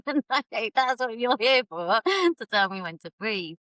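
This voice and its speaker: A woman's voice: fairly high pitch, lively intonation, a little slow, pushed and bright, dry recording, low-quality recording. A woman, a podcast guest, retelling a personal story in a chatty way and laughing often. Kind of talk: casual storytelling conversation.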